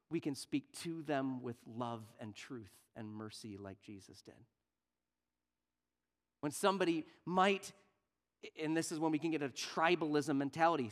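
An earnest male preacher delivers a sermon from the pulpit. His voice sits a little high for a man, and he swings between hushed, gentle phrases and louder emphatic lines.

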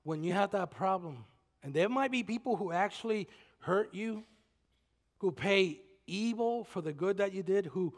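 Pastor guy preaching, really high voice, big echoey church hall, gets loud then goes quiet. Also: expressive, moderate pace. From Spanish-speaking background. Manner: swings from loud exclamations to hushed intimate asides. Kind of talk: sermon. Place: church sanctuary. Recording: long reverb of a large hall.

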